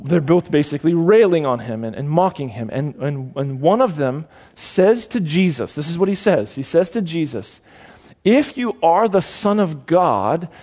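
A man's voice: on the high side, dark tone. A male preacher delivering a sermon in an earnest way, repeating words for emphasis.

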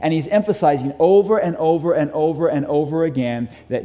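A man's voice: fairly high pitch, a little fast, hardly any pauses, mellow. A man preaching a sermon, emphatic and repeating his key phrases, reading scripture aloud to a congregation. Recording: long hall reverb.

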